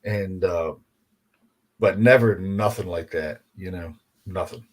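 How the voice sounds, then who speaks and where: A man with a somewhat low voice speaks as a podcast guest. He talks casually and rambles through his story, swearing freely and leaning on "you know" and "man" as he goes. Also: slow pace. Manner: rambling, profanity-laced, heavy on fillers like "you know" and "man". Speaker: guest paranormal investigator.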